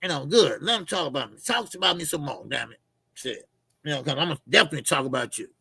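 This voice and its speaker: Gravelly-voiced man rambling on a livestream. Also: on the high side, expressive, fast, bright, forceful tone, dry recording. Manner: loose, rambling, many fillers and repeats. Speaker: livestream host. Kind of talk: casual live chat reading comments.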